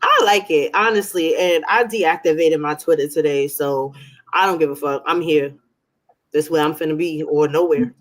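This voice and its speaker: A woman's voice: sits low, normal speed. A woman co-hosting a podcast in casual chat, blunt and sardonic. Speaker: podcast co-host.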